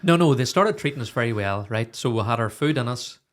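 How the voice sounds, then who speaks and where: A man's voice: mid-range voice, expressive, fairly quick. A young man, co-hosting a podcast, chipping in with dry, teasing remarks in casual chat. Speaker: podcast co-host.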